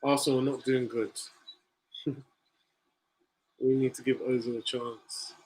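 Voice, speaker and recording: A man's voice: medium pitch, little pitch movement, a little slow, darkish tone, slight background noise, rough recording. A man, streaming a football watch-along, reacting to the play and reading viewer comments aloud. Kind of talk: live match commentary and chat reading.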